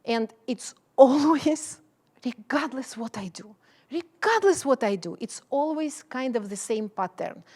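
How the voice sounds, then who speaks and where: A middle-aged woman, a professor giving a keynote speech, talking passionately in English with an accent and non-native phrasing. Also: fairly high pitch.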